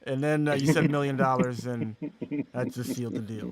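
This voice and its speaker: A man's voice: medium pitch, fairly quick, a crowd in the background. A man hosting a casual comedy chat, telling stories and laughing often. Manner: chatty storyteller, laughs often.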